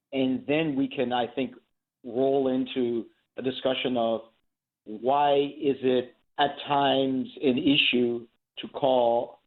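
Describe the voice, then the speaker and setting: A man from the Philadelphia area, a journalism professor appearing as an interview guest, explaining earnestly and asking rhetorical questions. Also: mid-range voice. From Philadelphia area, USA. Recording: tinny phone-like line.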